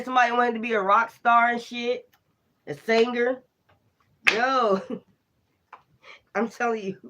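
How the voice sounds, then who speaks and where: An animated tarot reader talking through a spiritual reading in a loose, casual way. The delivery is full of profane slang and frequent bursts of laughter. The energy stays lively and unfiltered. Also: medium pitch, slight background noise.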